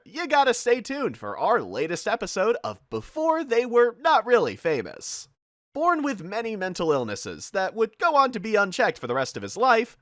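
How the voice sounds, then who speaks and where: Male voice-over for a spoof biopic, deadpan, very lively pitch swings, dry close sound. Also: dry recording. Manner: deadpan, mock-serious. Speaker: voice-over narrator. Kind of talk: mock documentary narration.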